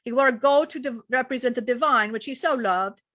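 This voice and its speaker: A woman retelling a spiritual story in an earnest, meandering way, often repeating "he said" as she goes. Her voice sits fairly high and sounds close and dry. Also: brisk, a bit bright, no echo. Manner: earnest, rambling retelling with frequent "he said". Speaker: spiritual teacher and channeler.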